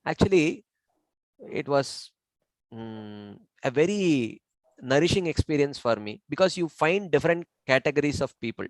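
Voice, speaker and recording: A man teaching in a discussion, explaining at a measured pace with frequent "you know" fillers. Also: on the high side, animated, no room sound, rough recording. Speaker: spiritual teacher.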